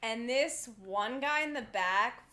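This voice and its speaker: A woman's voice: fairly high pitch, slow, sharp tone. A woman co-hosting a podcast in casual chat, talking in a chatty, self-assured way with plenty of fillers. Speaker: podcast co-host.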